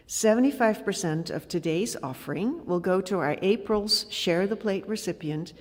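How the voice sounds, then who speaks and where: A woman's voice: on the low side, a little mellow. A woman lay leader reading a formal offertory announcement in earnest. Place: church sanctuary. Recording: long reverb of a church hall.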